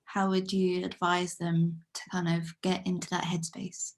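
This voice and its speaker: A woman asks her questions softly and a little hesitantly. Her voice sits slightly low, and she sounds like she is set back from the mic. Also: flat delivery, unhurried, hardly any pauses. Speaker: interviewer. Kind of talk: casual interview questions.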